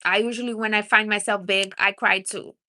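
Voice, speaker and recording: Bright-voiced woman giving blunt advice. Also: medium pitch, fairly even intonation, a little fast. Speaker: livestream host. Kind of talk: casual livestream chat.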